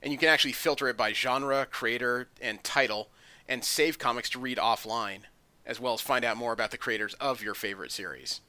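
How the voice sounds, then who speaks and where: A man's voice: mid-range voice, brisk, sharp tone, dry recording. A man hosting a podcast, chatting through comic news with frequent ums and uhs. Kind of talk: casual chat.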